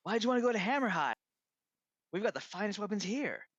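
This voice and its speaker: A man voicing a wary young male gnome apprentice who speaks in high, unsure, terse lines. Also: animated, brisk, a bit bright, dry recording, muffled recording. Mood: unconvincing. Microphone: online voice call.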